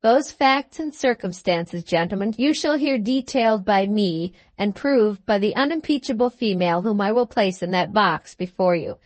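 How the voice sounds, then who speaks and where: A woman's voice: medium pitch, lively intonation, normal speed, few pauses, dry recording, close to an everyday voice. A woman reading the lines of a pompous male barrister making a grand, theatrical speech to a jury in an audiobook. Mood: grandiose. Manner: grandiloquent, theatrical courtroom oratory.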